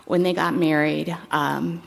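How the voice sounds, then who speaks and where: A woman in her fifties giving a eulogy for her stepfather, conversational and halting, with fond, wry asides. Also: deep voice, fairly even intonation, creaky. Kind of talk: memorial eulogy.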